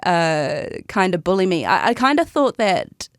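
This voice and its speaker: A woman's voice: lowish voice, big pitch swings, a little slow, no room sound, clean studio sound. A young woman, telling stories as a podcast guest in a chatty way and often laughing mid-sentence. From New Zealand. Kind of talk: casual interview chat.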